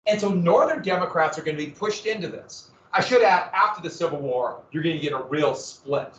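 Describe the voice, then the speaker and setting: A man's voice: fairly high pitch, expressive, a little fast, fairly bright tone. A man teaching a history lesson in a conversational way, asking rhetorical questions and correcting himself as he goes. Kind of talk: classroom lecture. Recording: roomy, dull lo-fi classroom recording.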